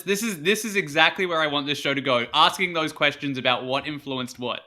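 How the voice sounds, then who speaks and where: Bright, eager male podcast host. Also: on the high side, fairly quick. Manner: enthusiastic, eager questioner. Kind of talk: casual podcast interview.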